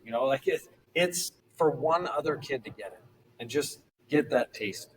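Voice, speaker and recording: A middle-aged man, a former pro pitcher, telling stories casually as a podcast guest and acting out the people he quotes. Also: normal speed, a little hiss or hum, rough recording. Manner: animated, acts out quoted voices. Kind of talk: casual storytelling.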